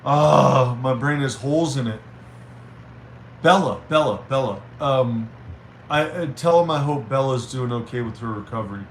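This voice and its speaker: A man's voice: medium pitch, animated. Rambling streamer man in roomy echo. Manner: rambling, reads chat aloud, halting restarts. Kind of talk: casual live-stream chat. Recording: roomy with faint noise.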